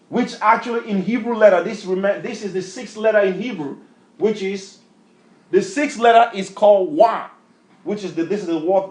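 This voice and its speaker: A man preaching and teaching scripture, emphatic, quizzing his reader with repeated questions in a call-and-response style. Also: sits high. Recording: echoey room.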